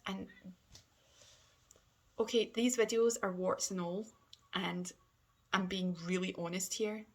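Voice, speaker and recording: Husky, gravelly woman confiding. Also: medium pitch, steady tone. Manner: hesitant, halting, often drops to a soft near-whisper. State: emotional. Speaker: vlogger. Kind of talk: candid personal vlog.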